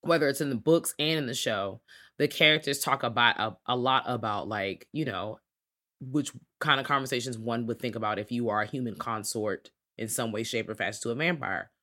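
A podcast co-host in casual, slangy chat, recapping a TV series and acting out characters with big swings in pitch. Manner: animated, swearing, acts out characters with big pitch jumps; slangy, fast casual talk.

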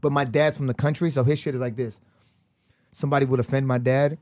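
A young man on a podcast, telling animated stories in casual chat and acting out the voices of people in them. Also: mid-range voice, quick pace. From United States. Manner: animated storyteller who acts out voices. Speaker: podcast guest.

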